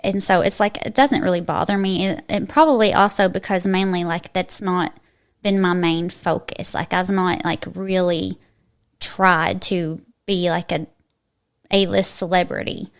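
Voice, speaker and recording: A woman's voice: on the low side, fairly even intonation, unhurried, smooth. Chatty woman with an eastern Kentucky twang. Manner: chatty, emphatic, frequent restarts. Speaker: guest. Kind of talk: casual interview chat.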